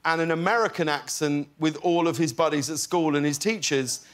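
A British man in his forties chats as a talk show guest, his voice sitting high for a man. He stumbles through restarts, then rushes into animated bursts where he acts out what people said. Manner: animated, halting storyteller who acts out quotes.

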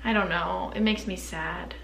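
A woman's voice: on the low side, steady tone, a little slow, vocal fry, fairly bright tone, echoey room, slight background noise. A young woman chatting casually and candidly about her perfumes for a vlog, full of fillers. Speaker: beauty vlogger. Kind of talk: casual chat.

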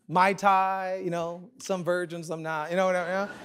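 A man preaching a sermon as a pastor, telling a personal story with animated, self-deprecating humor and quick asides. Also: high voice. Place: large church auditorium.

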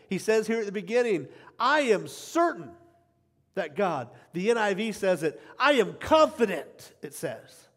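A middle-aged man preaching a sermon as pastor, emphatic, repeating key phrases and swinging from quiet asides to loud cheering. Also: high voice. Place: church sanctuary. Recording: long hall reverb.

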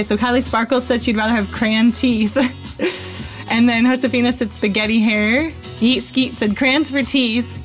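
Bubbly, chatty woman streamer. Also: fairly high pitch. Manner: chatty and bubbly, thinks aloud with many fillers. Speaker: live stream host. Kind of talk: casual chat on a live stream, reading viewer comments.

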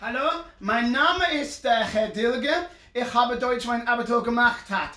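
A man's voice: extremely high pitch, measured pace, sharp tone, reverberant. Jokey male teacher. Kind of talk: school presentation.

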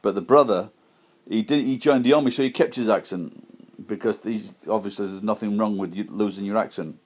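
A man with a Sheffield Yorkshire accent, talking casually to an iPad camera in a rambling, halting way with many restarts. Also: lowish voice, breathy edge. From Sheffield, England. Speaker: vlogger.

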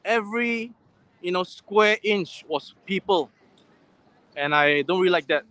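A man's voice: high voice, lively intonation, measured pace, pushed and bright. A man from Singapore with a Singaporean English accent, hosting a casual walking livestream outdoors and rambling with many fillers and restarts. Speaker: livestream host. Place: city street outdoors. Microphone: phone held on a livestream.

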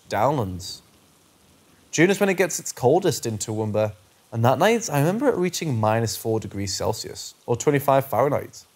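A man reading true paranormal stories aloud in a steady, measured narration that slows on eerie phrases. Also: on the high side. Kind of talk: scripted narration.

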